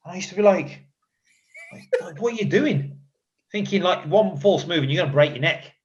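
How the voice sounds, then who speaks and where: A former footballer chats as a podcast guest, rambling through stories and acting out what he said back then. His voice is a touch high. The recording sounds dull and lo-fi. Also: fairly quick. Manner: rambling anecdotes with laughs and quoted asides. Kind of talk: casual storytelling chat.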